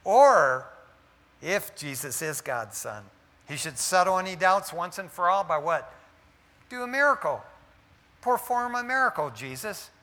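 A man delivers a sermon in a high, bright voice, emphatic yet conversational, with a habit of tacking "man" onto his points. The sound carries a long hall reverb around him. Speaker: preacher.

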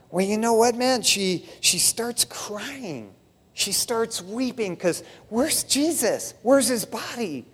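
A male pastor preaches in a high, swooping voice that leaps from hushed lows to shouted peaks. He talks casually and keeps calling his listeners "man". His words ring out with a long hall reverb. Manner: animated preaching with sudden shouts and laughs. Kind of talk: sermon.

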